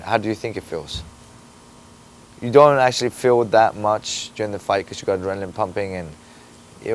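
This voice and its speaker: A man's voice: lowish voice, a little hiss or hum. Sarcastic man with a British-tinged accent. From Sweden. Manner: sarcastic, deadpan. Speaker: MMA fighter. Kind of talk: comedy sketch interview.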